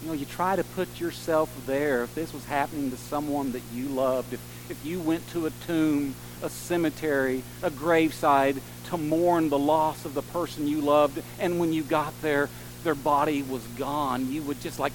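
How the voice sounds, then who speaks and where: A man preaching a sermon in an earnest way, rising to strong emphasis and dropping to soft, slow passages. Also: on the high side, fairly even intonation, a little hiss or hum, rough recording. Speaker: pastor.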